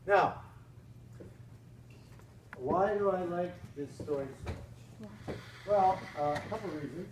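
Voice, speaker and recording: A male professor reading a storybook aloud to a class with animated, playful asides. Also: high-pitched, takes it slowly. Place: lecture hall. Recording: echoey lecture hall from far off, noisy.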